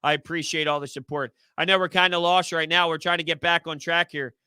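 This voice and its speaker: On his sports YouTube live stream, a young host rambles through viewer comments and laughs readily, his voice high, very bright, clean and crisp. He keeps a level tone at a fairly quick pace, recorded dry and close with no echo.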